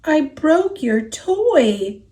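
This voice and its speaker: A woman with an American accent voicing a gentle, careful male elephant in a picture book read-aloud. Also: big pitch swings, extremely slow, full character voice. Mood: sorry. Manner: low, soft and hesitant.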